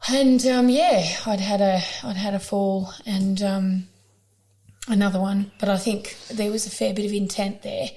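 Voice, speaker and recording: A woman's voice: mid-range voice, fairly even intonation, a little slow, warm tone. Frank, emotional Australian woman. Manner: frank and emotional, with blunt swearing. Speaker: podcast guest. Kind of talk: candid conversational storytelling.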